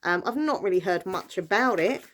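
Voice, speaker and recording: A woman's voice: medium pitch, expressive, brisk, fairly bright tone. A British woman chatting casually on her vlog, rambling along with lots of fillers and self-corrections. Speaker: book vlogger. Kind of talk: casual chat.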